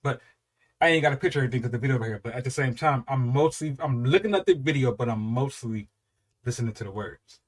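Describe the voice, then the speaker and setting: A man in his thirties giving casual reaction commentary, animated and profane, laughing often and drawing out his exclamations. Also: mid-range voice, fast talker. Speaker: reaction video host.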